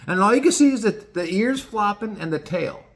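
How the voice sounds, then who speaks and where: A man telling a casual story in an animated, swearing manner. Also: sits high, fairly quick. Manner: animated, swearing, lots of restarts. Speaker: vlogger.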